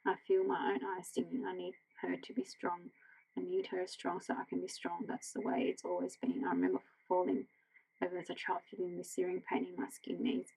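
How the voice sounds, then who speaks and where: An Australian woman reading a novel aloud as a bedtime story, in a quiet, gentle voice that slips into whispers. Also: lowish voice, monotone, fairly quick, vocal fry, rough recording. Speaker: audiobook reader.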